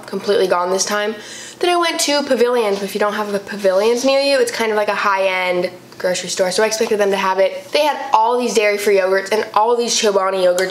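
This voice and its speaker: A woman's voice: mid-range voice, fast talker. A young woman in her twenties chatting casually to camera as a vlogger, with plenty of fillers. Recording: echoey room with faint noise.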